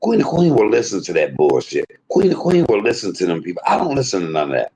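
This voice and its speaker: A man hosting a livestream, venting in an aggrieved rant that swings between loud outbursts and low muttering. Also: huge pitch swings, fast talker, slightly rough. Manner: swears freely, talks straight to viewers. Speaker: livestream host.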